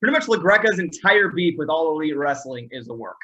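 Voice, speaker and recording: Laid-back male co-host, bright tone, muffled lo-fi audio. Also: on the high side, very animated, fairly quick, husky. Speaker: podcast co-host. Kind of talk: casual chat. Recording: slightly dull, lo-fi sound.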